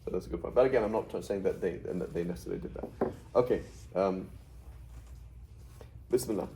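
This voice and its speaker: A man's voice: sits low, a little fast, dark tone, a little hiss or hum, poor audio. A middle-aged man teaching a Quranic Arabic class in a conversational way, often checking with "right?". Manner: explains with frequent "right?" checks.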